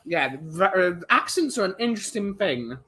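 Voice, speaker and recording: A man's voice: high voice, big pitch swings, moderate pace, pushed and bright, breathy edge. A man from England hosting a casual live-stream podcast, rambling chattily and greeting chat viewers by name.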